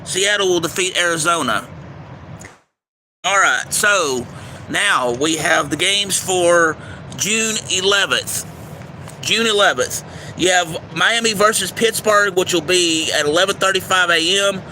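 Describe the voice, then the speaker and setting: Speaking at a measured pace in a high voice, a man gives casual livestream commentary, listing the baseball schedule and his picks steadily and now and then stumbling on names. He's outdoors by a railway, where faint traffic and train noise carry.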